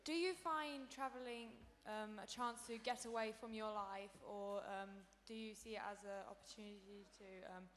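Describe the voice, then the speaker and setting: A woman in the audience asking a panel a question, hesitant and soft-spoken. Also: fairly high pitch, steady tone, moderate pace, hardly any pauses. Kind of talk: live panel Q&A. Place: large convention hall. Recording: hall reverb with faint noise.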